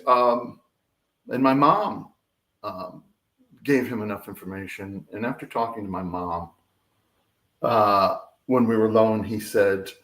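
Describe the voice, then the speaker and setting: An American man telling a story as an interview guest, acting out what others said in raised voices. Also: lowish voice. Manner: animated, acts out quoted voices loudly. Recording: echoey room.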